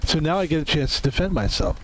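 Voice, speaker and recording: A man's voice: fairly high pitch, sing-song, fast, a little hiss or hum, low-quality recording. A man streaming a video game, chatting and rambling casually while he plays and laughing now and then. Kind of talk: casual gameplay commentary.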